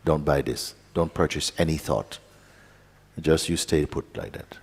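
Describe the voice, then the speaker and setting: A man giving a calm, unhurried satsang teaching as a spiritual teacher, pausing often and speaking softly. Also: very deep voice, husky. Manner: calm, unhurried, with pauses and soft asides. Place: large meeting hall. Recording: hall with long reverb.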